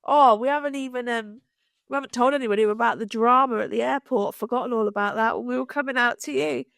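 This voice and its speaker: A woman co-hosting a podcast, telling a story in animated casual chat, swearing freely and acting out the people she quotes. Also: on the high side, fast, gravelly, no room sound, clean studio sound. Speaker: podcast co-host.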